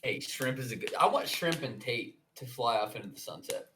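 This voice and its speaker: A man's voice: mid-range voice, animated, brisk, fairly bright tone. A man co-hosting a podcast, chiming in with tired, profane reactions. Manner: weary, swearing reactions. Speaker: podcast co-host. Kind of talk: casual book review chat. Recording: distant mic with background noise.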